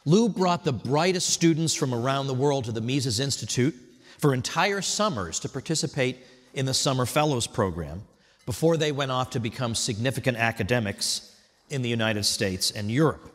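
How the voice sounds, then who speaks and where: A man giving a prepared tribute speech at an event, telling stories in a wry, animated way. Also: mid-range voice, moderate pace, in a large hall. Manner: wry, animated storytelling with mock voices. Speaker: speaker at an institute event. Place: hotel event hall.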